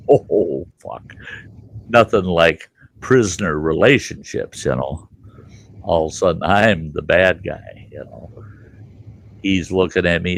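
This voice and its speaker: A man's voice: deep voice, a little slow, creaky. A man telling a rambling, profane story as the host of a casual chat.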